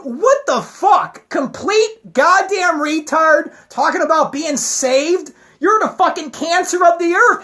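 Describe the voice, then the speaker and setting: A woman's voice: high voice, fairly bright tone. A woman giving a heated, profane, rambling rant to her camera. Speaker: vlogger.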